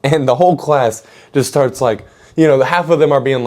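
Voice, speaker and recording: Young man, story-time vlogger, animated slangy delivery with bursts of exclamation. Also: medium pitch, normal speed, hardly any pauses.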